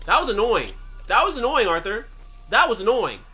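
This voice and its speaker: A man playing a video game, yelling and cursing at the character he controls. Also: high-pitched, big pitch swings, normal speed. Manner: loud, profane, yells at the game character. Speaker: gaming YouTuber. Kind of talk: game commentary. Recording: game audio and music behind.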